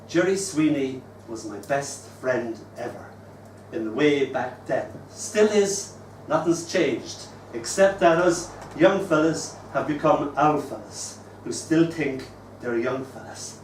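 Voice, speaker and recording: A man in his sixties hosting an open mic and reading his poems with wistful, gentle humour. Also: fairly high pitch, lively intonation, takes it slowly, slight background noise. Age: 60s. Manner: wistful, gently humorous storytelling. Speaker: poet and open mic host. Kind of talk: live poetry reading. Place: live open mic venue. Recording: roomy room, distant mic, faint ambience.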